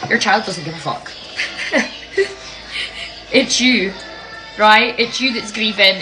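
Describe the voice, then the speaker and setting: A woman's voice: medium pitch, rough recording. A young woman talking candidly to camera as a parent, frank and swearing freely, often checking in with "right?". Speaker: parent vlogger. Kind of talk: candid emotional vlog to camera. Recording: music playing behind the voice.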